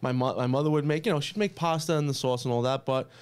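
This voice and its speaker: A man's voice: mid-range voice, quick pace, a little mellow, clear, resonant tone. A man in a casual podcast chat, telling family stories with blunt, swearing quotes. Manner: chatty, swearing, quotes his family members.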